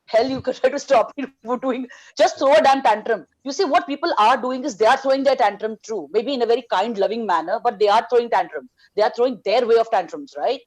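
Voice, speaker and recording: A woman's voice: fairly high pitch, fast, hardly any pauses, darkish tone, low-quality recording. A woman speaking passionately on a panel, blunt and fiery, swearing freely.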